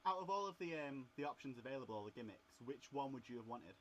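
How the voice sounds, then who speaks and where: A man's voice: medium pitch, expressive, quick pace, a bit bright. Sassy catty guy cohost, mid voice, a little hiss in the background. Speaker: co-host interviewer. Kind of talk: casual interview chat.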